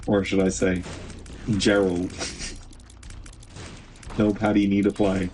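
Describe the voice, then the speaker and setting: Low-voiced Irish man teasing his chat. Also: flat delivery, slow, darkish tone, a little hiss or hum. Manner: teasing, joking, laughs often. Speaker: livestream host. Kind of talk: casual chat with viewers.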